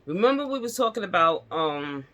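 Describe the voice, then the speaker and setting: Woman vlogger. Bright voice, casual storytime delivery, animated, laughs a lot. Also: fairly low pitch, normal speed. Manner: animated, laughing, addresses viewers as y'all. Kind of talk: casual storytime chat to viewers. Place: indoors at home.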